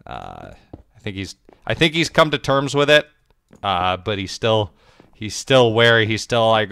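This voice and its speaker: A man's voice: fairly low pitch, sing-song, unhurried, gravelly, pushed and bright, clean tone, dry recording. A man streaming a game and chatting playfully, swearing freely and cooing baby talk. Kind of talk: casual live-stream chat. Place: home.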